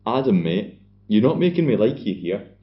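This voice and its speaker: A man's voice: fairly low pitch, very animated, moderate pace. A man co-hosting a podcast, recapping a film in a sardonic, sweary casual chat. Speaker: podcast co-host. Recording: dull lo-fi podcast audio.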